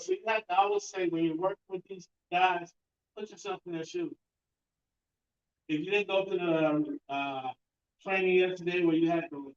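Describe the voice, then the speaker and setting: A man's voice: high-pitched, lo-fi sound. A man speaking earnestly to a conference audience, pleading with them. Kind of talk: speech to an audience.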